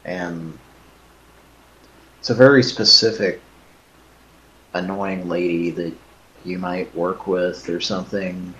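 A man's voice: low-pitched, a bit bright, a little hiss or hum, poor audio. A man hosting a live stream in casual chat, rambling and hesitant with self-mocking humor.

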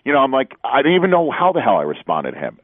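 A man's voice: mid-range voice, fast talker, dry recording. A man, a sports broadcaster, telling stories as a guest in a casual interview, laughing often and acting out quotes. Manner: animated storyteller, laughs often, acts out quotes. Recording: dry, phone-line sound.

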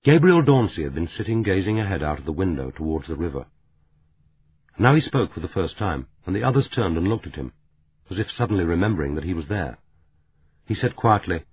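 Deep, husky male audiobook narrator. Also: big pitch swings, a little fast, dry recording. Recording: narrow phone-like audiobook sound.

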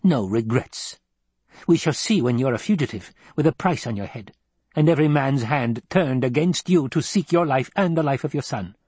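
A man's voice: mid-range voice, lively intonation, moderate pace, a little mellow, slightly rough, dry recording, voice pushed up. A man reading an audiobook, voicing a stern, snappish old woman who leads a scheming sisterhood. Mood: cold, scolding. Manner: snappish, sneering, demanding.

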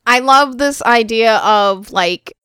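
A woman co-hosting a casual podcast, animated and giggly, telling stories with lots of fillers. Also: fairly high pitch, takes it slowly, smooth, no echo, clean studio sound. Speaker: podcast co-host.

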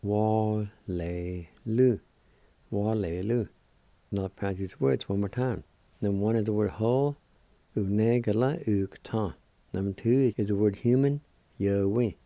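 An older man with a Cherokee accent teaching words slowly and deliberately as a radio language teacher, repeating each one. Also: on the low side, mellow, no echo. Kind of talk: slow spelled-out language lesson.

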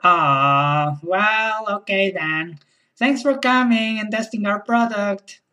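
A woman's voice: medium pitch, takes it slowly, pushed and bright, low-quality recording. A woman acting in a comedy sketch as an eager hostess who speaks about home life in earnest corporate buzzwords. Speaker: sketch actor playing a corporate-speak wife.

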